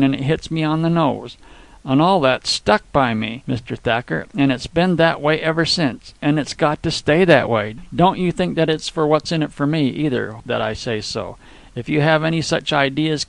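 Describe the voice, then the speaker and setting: A man voicing a calm, cocky young Texan outlaw who talks in a slow cowboy drawl. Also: a little high, vocal fry, no room sound.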